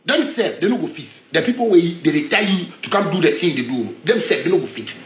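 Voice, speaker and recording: A man speaking Ghanaian Pidgin English lets loose a confrontational rant, his voice sitting high and swinging wildly up and down. He sounds heated and defiant, circling back on the same phrases. The sound comes from an echoey room. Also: expressive, brisk. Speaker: street figure in a viral video.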